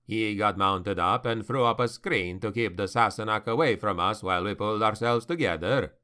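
A man voicing a fatherly male mercenary colonel with a Scottish accent, speaking gently and dryly. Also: lowish voice, normal speed, clean tone, voice pushed down. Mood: earnest.

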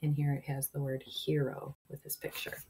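A woman reading a children's book aloud, shifting into hushed whispers at tense moments. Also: very deep voice, flat delivery, normal speed, background noise. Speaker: reader.

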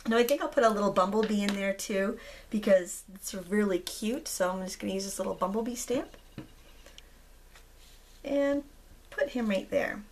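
A woman in her thirties, a hoarse craft video host, talking casually through a tutorial with many relaxed ums. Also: mid-range voice, moderate pace, long pauses, slight background noise. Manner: chatty, relaxed, frequent ums. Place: indoors at a craft table.

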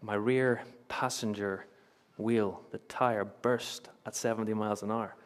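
A man's voice: on the low side, fairly even intonation, measured pace. A young man preaching a sermon in a church, telling personal stories with earnest, emphatic repetition and light chuckles. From Northern Ireland.

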